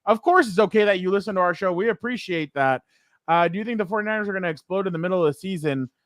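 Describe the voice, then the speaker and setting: A man's voice: sits high, very fast, a bit bright, dry recording, studio quality. A man hosting a casual sports podcast on a video call, easygoing and reading chat comments aloud. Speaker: podcast host.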